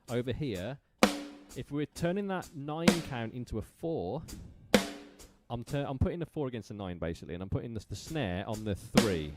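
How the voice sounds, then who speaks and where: A man's voice: medium pitch, very animated, moderate pace, loud music behind the voice. A man with an English accent teaching a drum lesson, counting beats aloud and explaining casually with fillers. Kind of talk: live-streamed drum lesson. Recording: drum kit playing in the background.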